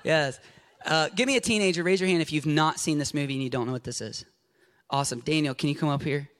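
Male pastor, high bright voice, animated and jokey sermon delivery. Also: fast talker. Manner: animated, jokey, acts out scenes with a volunteer. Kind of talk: lively sermon with audience interaction. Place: church sanctuary before a congregation.

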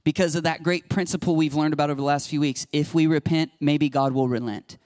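A man preaches a sermon in a casual, storytelling way, tossing chatty asides to his congregation. His voice sits a little high for a man. The sound is dry and close. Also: steady tone, fairly quick, darkish tone, dry recording. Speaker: pastor. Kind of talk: conversational sermon.

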